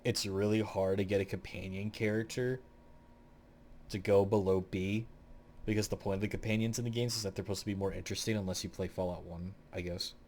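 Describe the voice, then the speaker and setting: A young adult man hosts a casual gaming tier-list video, rambling through blunt opinions and swearing plenty. His voice is lowish and a little mellow.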